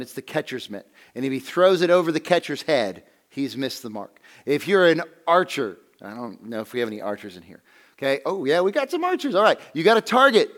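A man teaching a Bible lesson to a class in a conversational way, asking questions and slowing down to stress key phrases. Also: fairly high pitch, fairly bright tone.

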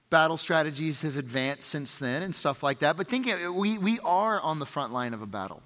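A pastor with a fairly high, expressive, fairly bright voice preaches briskly with few pauses. His sermon is conversational, dotted with "right?" and driven by emphatic repetition, and it echoes in a reverberant hall.

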